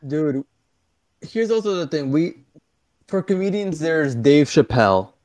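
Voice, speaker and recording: A man's voice: fairly high pitch, animated, a little slow, darkish tone, no room sound. Give me a blunt, swearing young man as a podcast guest, dry sound. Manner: swears a lot, blunt and offhand. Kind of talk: casual chat.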